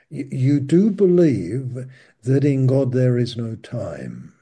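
A man teaching from the Bible in an informal, conversational way, slow and halting, often restarting his sentences. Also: medium pitch, expressive, dark tone, breathy edge. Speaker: preacher.

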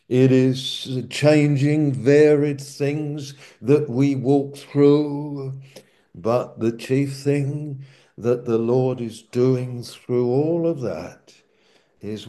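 Slow, dark-voiced male preacher. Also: mid-range voice. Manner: slow, emphatic, repeats key phrases. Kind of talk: sermon.

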